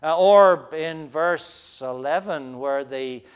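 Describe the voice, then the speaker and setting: A man preaching a sermon in an earnest, searching way, often pausing and hesitating. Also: fairly high pitch, clean tone.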